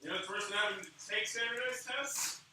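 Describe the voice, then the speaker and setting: A man's voice: high voice, a little fast, pushed and bright, a little hiss or hum. A man, a teacher back from a break, chatting dryly and grumbling with friends on a stream. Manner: dry, grumbling. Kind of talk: casual chat. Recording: roomy, distant from the mic.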